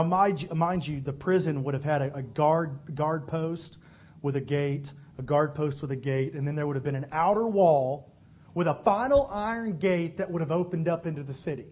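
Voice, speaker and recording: A male pastor preaching a sermon, telling the story in an animated way and acting out the voices. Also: high-pitched, slightly rough. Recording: phone-like narrow band.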